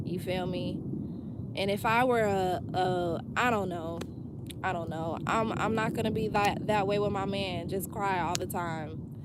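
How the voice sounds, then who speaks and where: Slow-talking blunt woman tarot reader. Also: fairly low pitch, heavy background noise. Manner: blunt, profane and emphatic, talking straight to the viewer; repeats phrases for emphasis. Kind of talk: casual weekly tarot reading.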